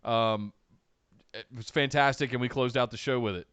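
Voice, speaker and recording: Smooth-voiced man, casual podcast recap. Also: mid-range voice, fairly even intonation, moderate pace, fairly bright tone, no echo. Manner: enthusiastic, filler-heavy recap. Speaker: podcast co-host. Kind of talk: casual wrestling podcast chat.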